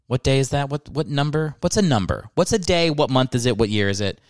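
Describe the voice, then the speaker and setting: A man's voice: medium pitch, animated, a little fast, dry recording. A man hosting a comedy podcast, rambling through a ranting monologue with bursts of mock outrage. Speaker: podcast host.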